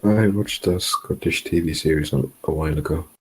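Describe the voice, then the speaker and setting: A man chatting casually with a streamer, answering briefly in a low-key way. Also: fairly quick, darkish tone, slight background noise. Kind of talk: casual chat.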